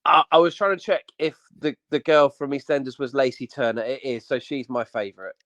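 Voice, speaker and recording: A man co-hosting a podcast in casual chat, eager and quick to jump in. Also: mid-range voice, fairly bright tone, dry recording, muffled recording. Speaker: podcast co-host.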